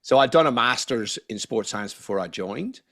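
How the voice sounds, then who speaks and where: A man's voice: medium pitch, lively intonation, normal speed, gravelly, a bit bright, no room sound, clean studio sound. A middle-aged man with a Northern Irish accent touched by Australian vowels, telling his story candidly in a casual interview, now and then swearing. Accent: Northern Irish with a slight Australian tinge. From Northern Ireland. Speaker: guest, neuroscientist.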